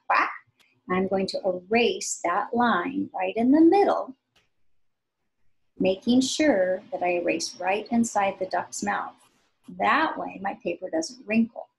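A woman teaching young children to draw, giving slow, patient, sing-song step-by-step instructions. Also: mid-range voice, vocal fry, slight background noise, rough recording. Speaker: art teacher.

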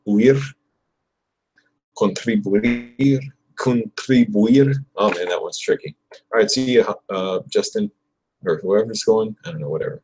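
A young man on a casual livestream, drilling Spanish verb conjugations aloud and answering viewers between attempts. His voice is a little low and husky. He takes his time, repeating the tricky words slowly. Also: a little mellow, rough recording. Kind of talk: casual livestream study session.

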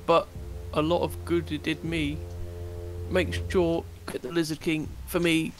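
A man's voice: on the high side, level tone, measured pace, soft background music, natural voice. A man voicing a dying male sailor companion in a West Country accent, wry and faint.

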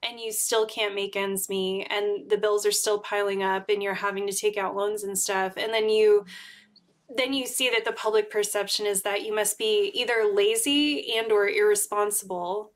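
A woman hosts a relaxed livestream conversation, talking openly and bluntly. She swears freely and strings her thoughts together with plenty of "like" and "you know". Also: medium pitch, normal speed. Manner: candid, swears freely, many fillers. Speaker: host.

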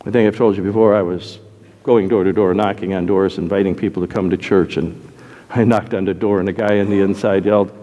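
A man preaching a sermon, animated, jumping from loud exclamations to quiet asides. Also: fairly low pitch, normal speed, long reverb tail.

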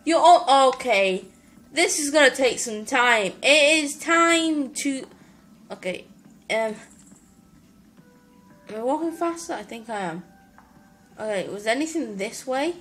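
An excitable Irish woman chatting through gameplay as a let's play host. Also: on the high side, a little slow, pauses often, faint music behind. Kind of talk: gaming commentary.

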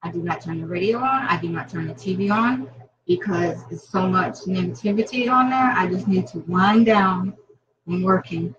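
A woman's voice: on the low side, moderate pace, crowd noise. A woman in her fifties chatting casually to her viewers while she cooks in her home kitchen. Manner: chatty, talks straight to viewers. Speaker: vlogger. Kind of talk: casual cooking vlog chat. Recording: distant lo-fi camera audio with faint noise.

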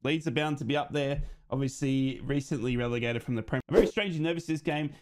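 An Australian man hosting a football watch-along, chatty and excitable as he gives live fan commentary and laughs often. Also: medium pitch, quick pace.

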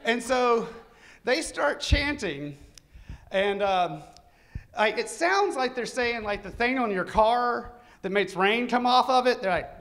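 Brief: high, bright-voiced man telling a profane comic story live on stage. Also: moderate pace. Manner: animated, profane, self-mocking.

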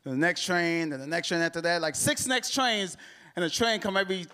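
A man's voice: sits high, a little fast, sharp tone, clear, resonant tone. A man doing stand-up, talking in a casual, slangy conversational way. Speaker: stand-up comedian. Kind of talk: stand-up routine. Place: comedy club stage.

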